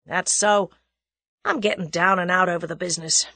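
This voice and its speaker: A woman's voice: on the low side, fairly even intonation, moderate pace, creaky, pushed and bright, no room sound, heavily acted. Woman putting on a folksy young American man. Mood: earnest. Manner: folksy, drawling slang.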